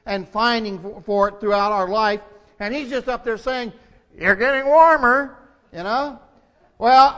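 A man's voice: high-pitched, a bit bright, long reverb tail, muffled recording. A male pastor preaching a sermon, telling jokes and stories in a folksy, humorous way.

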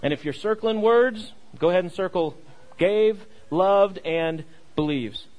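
On a rough recording, this young adult pastor's voice sits high and sounds a little slow and a little mellow. Delivering his sermon, he circles back to key phrases, draws the congregation into call and response, and frequently stammers and restarts.

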